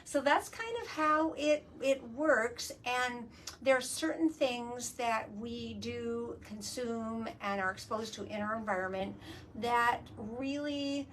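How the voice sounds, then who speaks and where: A woman's voice: on the high side, takes it slowly, fairly bright tone. A woman hosting a casual live video chat from a work studio. She explains things eagerly and uses many fillers. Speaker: host. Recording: distant mic, faint ambient noise.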